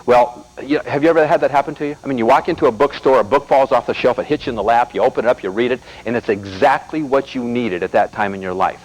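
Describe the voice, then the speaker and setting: A middle-aged American man delivers a motivational seminar at a brisk, rapid clip. His voice sits at an ordinary middle pitch, and he tells animated stories while calling out directly to the crowd in front of him. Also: low-quality recording. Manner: animated storyteller addressing the audience directly. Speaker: seminar speaker.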